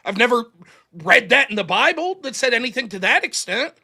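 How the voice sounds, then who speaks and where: Male talk host, high bright voice, profane ranting style. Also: sing-song, brisk, breathy edge. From United States. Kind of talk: casual call-in show chat.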